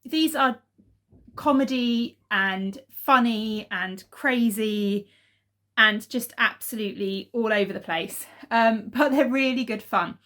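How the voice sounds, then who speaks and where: A fairly high-voiced woman talking straight to the camera at home. She rambles in a loose, chatty way, filling pauses with ums and the odd little laugh. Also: a bit bright. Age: adult mother. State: out of breath. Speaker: vlogger. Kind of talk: casual chat to camera.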